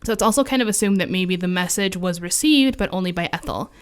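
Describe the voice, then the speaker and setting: A woman with a fairly low, smooth voice talks fast as she co-hosts a podcast. She tells a ghost story in a loose, chatty way, packing in "like" and other fillers and laughing often.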